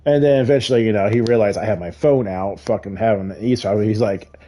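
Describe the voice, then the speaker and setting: A man's voice: lowish voice, brisk, dark tone. A middle-aged man telling a heated, profane story in a casual rant while gaming. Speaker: gamer.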